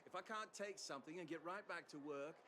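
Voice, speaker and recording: An actor voicing a blunt, weary miner in a game, with a stereotypical Australian accent. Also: male voice, on the high side, fast, background noise, natural voice. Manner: blunt and dismissive.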